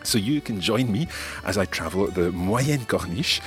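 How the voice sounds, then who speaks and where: Male podcast tutor, low voice, relaxed explainer, faint music underneath. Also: unhurried. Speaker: language podcast host. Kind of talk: bilingual lesson narration.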